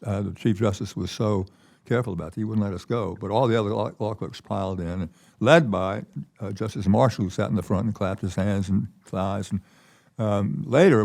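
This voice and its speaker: An older man speaks as the keynote guest at a conference, spinning anecdotes with stops and restarts. His voice sits low and gravelly, with a mellow, dark tone. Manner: anecdotal storyteller, halting restarts. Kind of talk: conference conversation.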